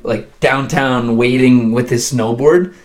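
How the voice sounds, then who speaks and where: A man's voice: medium pitch, fairly even intonation, takes it slowly, roomy sound. A man chatting casually as a podcast guest, rambling through stories with lots of fillers and laughs. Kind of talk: casual chat.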